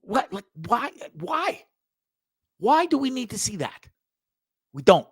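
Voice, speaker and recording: A man's voice: very high voice, sing-song, slow, breathy edge, no echo, studio quality. Profane, stammering man reacting to videos. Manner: profane, stammering repeats, laughs often. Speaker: show host. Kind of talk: casual video reaction commentary.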